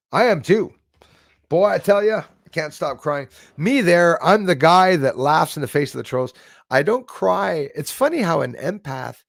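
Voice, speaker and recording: A man with a gravelly, creaky voice hosts a casual live stream and jokes with his viewers. He rambles along with plenty of fillers and restarts. The sound is close and dry, with no room echo. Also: mid-range voice. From Canada.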